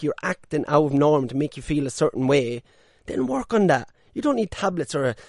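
A man's voice: on the high side, darkish tone, no echo, studio quality. A man hosting a casual monologue podcast from a caravan, talking bluntly, swearing freely and now and then mocking people in put-on voices. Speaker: podcast host.

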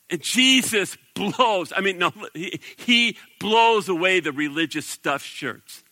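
A man preaching a sermon as pastor, animated and acting out the voices of the people he quotes. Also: high voice, slow, few pauses, dry recording, rough recording.

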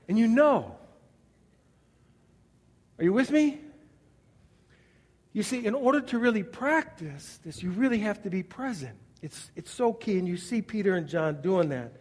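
A man preaching in a large church, his voice sitting a little high for a man. He is animated, acting out small scenes and dropping from loud bursts to hushed, quiet asides. A long reverb from the hall trails every phrase. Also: unhurried, long pauses. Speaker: pastor. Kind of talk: sermon.

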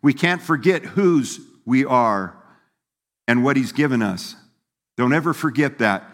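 A pastor preaches a sermon in a folksy, conversational style, laughing and acting out the voices of people he quotes. His medium-pitched voice is animated and measured in pace, with long hall reverb on the recording.

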